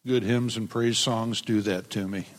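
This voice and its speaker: A man's voice: lowish voice, fairly even intonation, measured pace. Man preaching in a reverberant church. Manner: earnest, with dry humor. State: a bit weepy. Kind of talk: sermon. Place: church sanctuary. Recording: long hall reverb.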